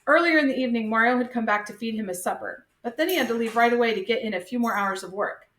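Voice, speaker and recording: Woman reading a kids' chapter book aloud, high voice, echoey room. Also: animated, fast talker, a bit bright. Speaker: reader. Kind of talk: storybook read-aloud.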